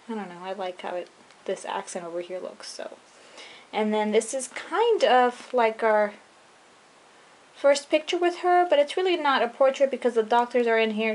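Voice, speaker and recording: A young woman casually walking through her handmade scrapbook album, chatty and relaxed, with frequent ums and trailing-off phrases. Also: mid-range voice. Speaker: scrapbooking vlogger. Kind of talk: casual show-and-tell walkthrough.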